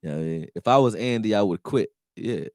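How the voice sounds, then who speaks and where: A man talking casually on a sports live stream, profane and animated, answering his chat. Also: lowish voice, quick pace, no room sound, studio quality.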